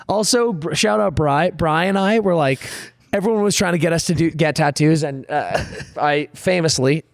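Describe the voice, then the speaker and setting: A hungover man co-hosting a podcast, teasing his friend with wry, quick asides in casual banter. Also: a little high, gravelly, no echo, clean studio sound. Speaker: podcast co-host.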